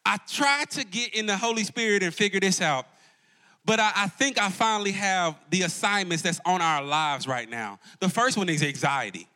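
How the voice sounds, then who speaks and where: Preaching before a congregation in a church auditorium, a campus pastor calls out to the crowd and swings his voice up and down to stress his points. It sits high, bright and forceful, with lively intonation at a normal pace.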